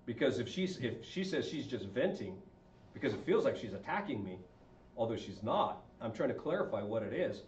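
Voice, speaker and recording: This man discusses marriage casually with a group, drawing the audience in with questions. His mid-range voice has a sing-song lilt and a darkish tone, and he talks fairly quickly. The echoey room, distant mic, and slight background noise leave the sound dull.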